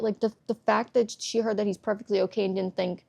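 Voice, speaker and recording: A woman's voice: medium pitch, fairly even intonation, a little fast, gravelly, few pauses, dark tone. A woman book vlogger giving an exasperated, swear-heavy casual review rant at home.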